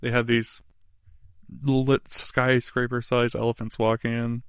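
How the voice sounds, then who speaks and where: A man's voice: mid-range voice, level tone, unhurried, clear, resonant tone, no room sound. A young man casually reviewing a movie as a podcast host, rambling with restarts and frequent laughs.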